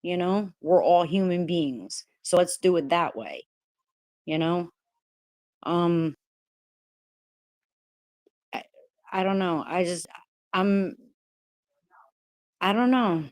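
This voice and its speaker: A woman's voice: lowish voice, slow, pauses often, a little mellow. A woman hosting a casual livestream, greeting viewers by name while rambling, hesitant and upset, with many restarts and swearing. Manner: frustrated and upset. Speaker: livestream host.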